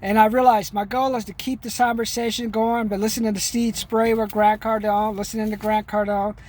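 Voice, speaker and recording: Talking to his camera, a middle-aged vlogger rambles casually in a streetwise way, dropping "man" throughout. He has a high, slightly mellow voice with little pitch movement and a brisk pace.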